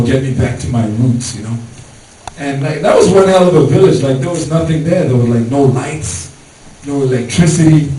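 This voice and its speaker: A man with a mellow, mid-range voice performs a stand-up comedy set at a venue with an audience, telling stories loosely with lots of fillers. The room is echoey, the mic far off, with crowd sounds, audience laughter, and slight background noise.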